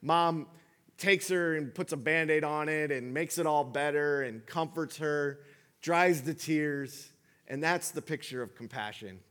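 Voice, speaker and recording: A man's voice: a little high, unhurried, fairly bright tone. A man in his thirties, a father, preaching a sermon in a conversational storytelling way with frequent restarts. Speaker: pastor.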